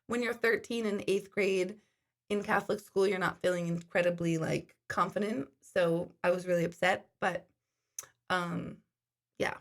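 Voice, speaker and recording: A woman in her forties chats casually to her live-stream viewers. Her voice has a gravelly, creaky edge. She drifts between rambling stories and reading comments aloud. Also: lowish voice, fairly even intonation, a little slow. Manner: chatty storytelling, reads viewer comments aloud. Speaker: intuitive hosting a live stream.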